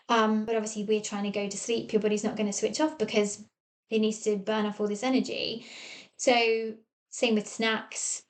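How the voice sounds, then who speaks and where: A woman's voice: medium pitch, flat delivery, moderate pace. An English woman with an English accent, a therapist hosting her own podcast from a small office and talking listeners through ideas in a coaching tone. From England. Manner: warm coaching tone, acts out quoted voices. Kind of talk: solo podcast talk.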